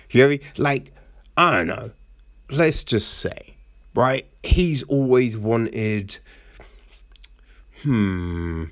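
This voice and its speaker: Man reviewing a book in a casual chat, slow, gravelly, animated, rambling asides. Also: medium pitch, dry recording, studio quality. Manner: animated, acts out characters in quick quoted voices; rambling with frequent "right?" and "you know".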